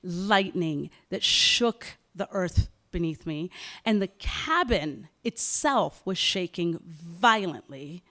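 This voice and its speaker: A woman novelist tells a story at a live writers' event, animated and dramatic, acting out bits of dialogue. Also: lowish voice, slow.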